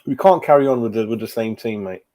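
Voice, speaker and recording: A man's voice: on the low side, fast, warm tone. A man, hosting a casual live stream as a football fan, chatting and reading out viewers' comments. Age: 40s. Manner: chatty, reads chat aloud, calls everyone mate. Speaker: fan channel host.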